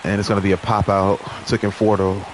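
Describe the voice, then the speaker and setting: A man's voice: lowish voice, quick pace, a little hiss or hum. Man doing game play-by-play. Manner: excitable on big plays, chatty asides to viewers. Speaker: gaming channel host. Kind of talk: play-by-play commentary over a baseball video game.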